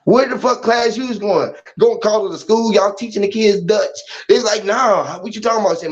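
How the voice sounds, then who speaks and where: A man with a high, lively voice hosting a casual stream, swearing freely and breaking into laughter as he tells stories. The audio is dull and lo-fi. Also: a little fast, few pauses. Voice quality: animated, profane, laughing often. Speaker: livestream host. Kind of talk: casual chat, storytelling.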